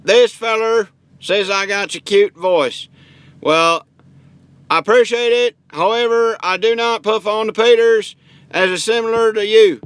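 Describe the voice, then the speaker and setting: A man's voice: sits high, unhurried, clean tone, dry recording. A man playing a drawling redneck truck-shop owner. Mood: deadpan. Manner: folksy slang, blunt deadpan answers. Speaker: online video creator answering viewer questions. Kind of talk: comedy character bit.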